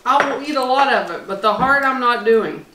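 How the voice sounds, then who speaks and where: A woman's voice: a little high, normal speed, a crowd in the background. A woman speaking bluntly in casual family chat at a home dinner table. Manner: blunt, plain-spoken. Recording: echoey room with background noise.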